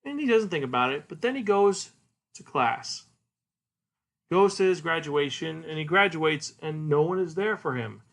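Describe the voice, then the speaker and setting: Animated male podcast host, fairly high voice. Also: moderate pace, creaky. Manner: animated, acts out the characters. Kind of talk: casual solo manga review.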